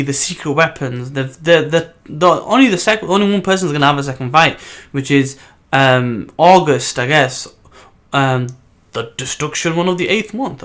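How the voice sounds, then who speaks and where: A man talking casually through a comic chapter review at a middle pitch. He rambles, circles back and fills gaps with ums and uhs, in an unscripted, chatty way. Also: a bit bright. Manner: rambling, many ums and restarts. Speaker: manga reviewer host. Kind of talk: casual solo video review.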